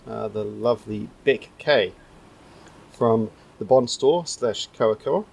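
A man's voice: on the low side, slow pace, gravelly, a little mellow, husky, rough recording. A man co-hosting a casual podcast, joking and telling rambling stories. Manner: jokey, rambling storytelling. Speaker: podcast co-host. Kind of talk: casual chat.

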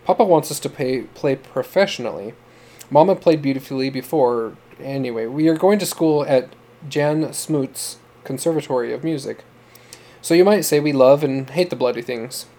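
A man's voice: medium pitch, normal speed, mellow, close to an everyday voice. A man voicing a bold, proper young woman, a violin student, in a storybook reading, speaking frankly and resolutely.

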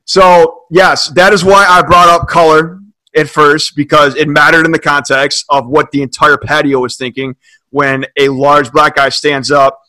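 A man in a relaxed podcast conversation, spinning a story with plenty of "like" and "you know." His voice sits a bit high for a man and rings bright and forceful. He builds momentum as he goes. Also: a little slow, low-quality recording. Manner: animated storyteller, heavy filler words. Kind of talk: casual storytelling chat.

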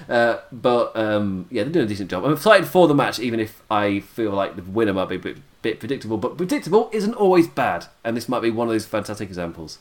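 On his relaxed wrestling review podcast, this UK host sounds tired, his voice going, though he stays chatty and laughs a lot. His voice is lowish and sing-song, and he talks fairly fast.

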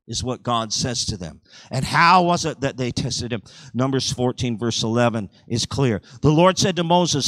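A man preaching a sermon, acting out God and the people in lively, rising outbursts. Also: normal speed, no echo. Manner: animated preaching, voicing God and the people with big pitch jumps.

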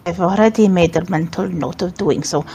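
A woman's voice: on the low side, normal speed, warm tone, a little hiss or hum. A woman playing her character in a tabletop game, blunt and wry as she bargains. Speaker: player.

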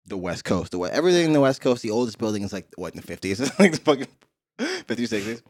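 A man's voice: fairly low pitch, very animated, quick pace, darkish tone, no echo, studio quality. A man telling a story in a casual podcast chat, laughing often and acting out noises. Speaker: podcast co-host.

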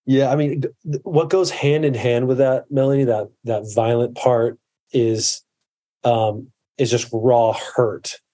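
A man's voice: medium pitch, steady tone, a little slow, mellow. A man in his forties talking earnestly as a coach in a casual podcast conversation, often stopping and restarting his sentences. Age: 40s.

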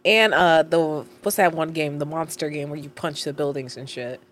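A woman's voice: deep voice, normal speed, fairly bright tone, a little hiss or hum. A woman co-hosting a podcast, gossiping casually and laughing often. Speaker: podcast co-host.

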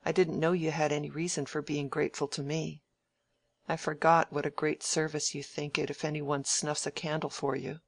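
A reader doing an emphatic, piqued young gentleman. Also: medium pitch, level tone, normal speed, vocal fry. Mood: protesting. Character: idle, good-humoured young gentleman, easily piqued. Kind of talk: audiobook dialogue reading.

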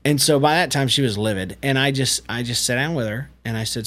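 A man in his thirties co-hosts a relaxed parenting podcast. His voice sits in a middle register, and he speaks earnestly, laying out his reasoning step by step. He often restarts his phrases as he thinks aloud. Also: medium pitch, brisk, hardly any pauses. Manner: earnest, explanatory, with frequent restarts. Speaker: podcast co-host. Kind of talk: casual parenting chat.

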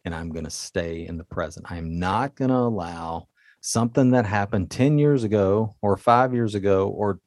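A man with a very low, deep voice gives relationship advice in a motivational talk. He coaches earnestly and speaks straight to his listeners. The sound is dry and close, with no room echo. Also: normal speed, darkish tone.

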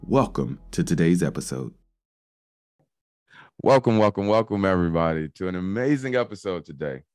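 A man's voice: low-pitched, a little mellow, no echo, clean studio sound. A man hosting a podcast interview, upbeat and enthusiastic, teasing his guest. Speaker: podcast host.

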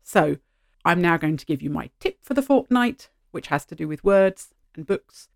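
A middle-aged woman hosting a solo podcast, talking in an animated, heartfelt way from behind a microphone at home. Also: fairly low pitch, normal speed, vocal fry, no echo, studio quality. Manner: animated, heartfelt, gently emotional. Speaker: podcast host. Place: sitting at home. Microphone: studio microphone.

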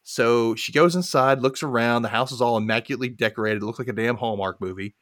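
A man's voice: mid-range voice, fast, no echo, studio quality. A man hosting a podcast, casually recapping a movie and acting out the quotes. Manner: animated storytelling with acted-out quotes. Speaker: podcast host.

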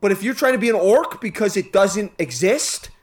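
A man from Canada co-hosting a podcast, talking in a casual, animated way, swearing and laughing often. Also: sits high, moderate pace. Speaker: podcast co-host. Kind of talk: casual chat.

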